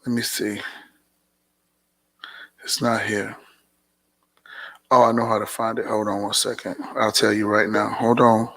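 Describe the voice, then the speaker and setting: Preachy man with a gravelly, bright voice. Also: on the low side, level tone, unhurried, pauses often. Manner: preachy, repeats phrases for emphasis. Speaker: motivational vlogger hosting a Q&A. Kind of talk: casual motivational talk. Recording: long hall reverb.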